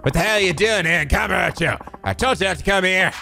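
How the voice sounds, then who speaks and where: A sneering young street thug, as a man puts him on for a video game, with a high, heavily gravelly sound. The tone is bright and sharp-edged, all rude contempt. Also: fast, full character voice. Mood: abusive. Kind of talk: voicing game dialogue.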